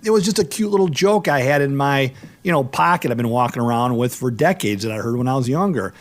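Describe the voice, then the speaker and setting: A middle-aged man hosting a radio talk show, telling a story with a lively, swinging pitch. He talks in loose, animated banter and climbs into exclamations. His voice sits in a middle register. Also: fast. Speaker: law show host.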